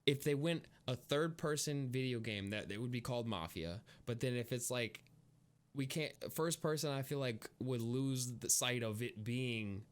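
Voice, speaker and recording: A man's voice: medium pitch, normal speed, clear, resonant tone. Young guy podcast cohost, rambly, says like a lot, laughs a bunch, mid voice. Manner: rambling, laughs often, lots of "like". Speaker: podcast co-host. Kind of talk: casual chat.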